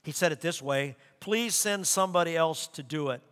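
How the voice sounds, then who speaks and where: A middle-aged man preaching a sermon as pastor, animated, acting out quoted voices. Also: on the high side, normal speed, clean tone. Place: large church sanctuary. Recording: long reverb of a large hall.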